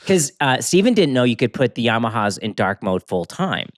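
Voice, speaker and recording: A man co-hosting a podcast, chatting casually and telling lively stories, often acting out what other people said. His voice sits in a middle range and sounds close and dry, with no room echo. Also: medium pitch, fairly quick. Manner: animated storyteller, quotes people often. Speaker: podcast co-host. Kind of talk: casual chat.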